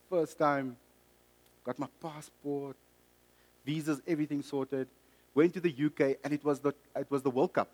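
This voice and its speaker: A man's voice: medium pitch, long reverb tail, poor audio. A middle-aged man from South Africa and Mozambique preaching a sermon, earnest and personal, telling a story with frequent restarts.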